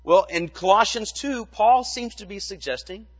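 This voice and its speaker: Male pastor, slightly high voice, patient teaching sermon, long hall reverb, muffled recording. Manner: measured teaching with rhetorical questions.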